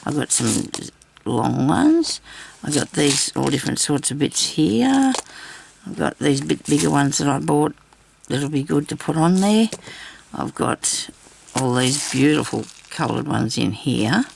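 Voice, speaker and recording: A woman's voice: deep voice, lively intonation, a little slow, gravelly, darkish tone, slight background noise. A woman vlogging a crafting demonstration, rambling and chatty as she talks straight to her viewers.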